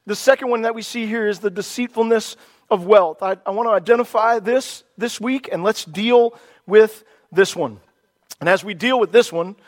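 A male pastor preaching a sermon with growing passion, often repeating and restarting his phrases. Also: sits high. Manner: impassioned preaching with rising emphasis.

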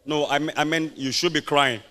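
A man preaching a sermon in a Nigerian English accent, laughing often and breaking into shouts. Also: a little high, steady tone, fairly quick.

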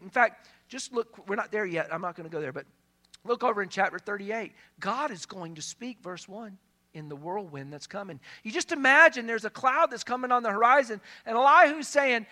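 A male pastor delivering a sermon in a high, bright, ringing voice. He preaches emphatically, moving between hushed passages and loud, stressed lines. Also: normal speed.

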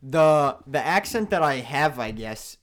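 Animated young man with a New York accent. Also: mid-range voice, a little slow. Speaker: podcast co-host. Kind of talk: casual chat.

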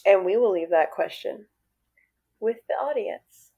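A woman's voice: medium pitch, a little slow, husky. Bubbly woman podcast co-host. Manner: bubbly and animated, laughs often. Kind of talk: casual chat.

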